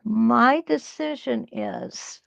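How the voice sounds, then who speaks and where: A woman hosting a live quilt-along, talking slowly and reassuringly as she thinks aloud through each stitching step. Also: fairly high pitch, creaky, no room sound. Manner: slow, reassuring, thinks aloud while sewing.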